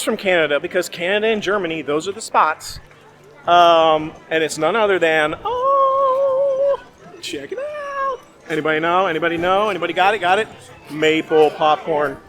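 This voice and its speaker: A man's voice: high voice, fairly bright tone. A man hosting a casual theme park food vlog, chatty and laughing often as he talks. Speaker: vlog host. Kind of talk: casual food review chat.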